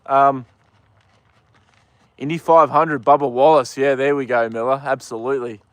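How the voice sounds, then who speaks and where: A man's voice: medium pitch, steady tone, normal speed, fairly bright tone, no echo. A young Australian man chatting casually on a live stream outdoors, rambling with lots of ums and uhs. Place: outdoors with a horse.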